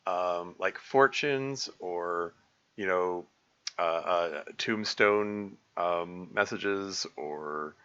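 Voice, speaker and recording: A man with a low-sitting voice talks very slowly over his own game stream, his tone sharp yet smooth, and the audio dull. It's casual let's-play commentary, rambling with lots of fillers, restarts and little chuckles.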